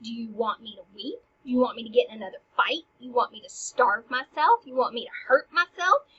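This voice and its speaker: A boastful grieving prince ranting in old verse and slang, as a woman reads him out. the voice is a bit high and husky. the recording is dull and lo-fi. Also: fairly quick.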